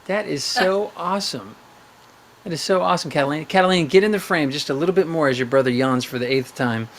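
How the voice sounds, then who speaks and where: A man's voice: fairly high pitch, fast talker. A man hosting a live call-in show, coaching young callers in a playful, upbeat way, asking questions and running little games.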